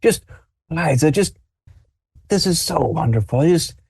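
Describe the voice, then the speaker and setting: A man voicing a polite, hard-of-hearing old grandfather who talks in a halting, wistful way. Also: a little high, expressive, vocal fry, a little mellow, slightly rough, no echo, studio quality, voice pushed up, exaggerated voice. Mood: fond. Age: older. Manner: halting, wistful, mildly fussy.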